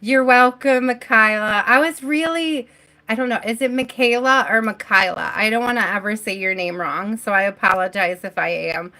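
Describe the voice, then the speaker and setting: A woman doing a live-stream tarot reading, chatty and affectionate with her viewers and giving gentle spiritual advice. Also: medium pitch, moderate pace, rough recording. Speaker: tarot reader.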